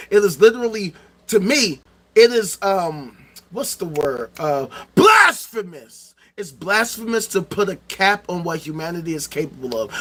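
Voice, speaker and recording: Middle-aged guy ranting on stream, high voice, cussing a lot, says the same thing over and over. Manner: loud, profane, repetitive rants. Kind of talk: ranting livestream monologue.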